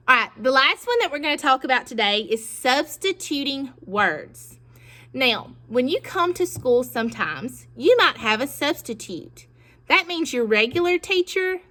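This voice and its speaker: A woman teacher giving a phonics lesson to young children, slow and encouraging, pausing for them to repeat words. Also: high voice, sharp tone. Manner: slow, encouraging, with pauses for pupils to echo.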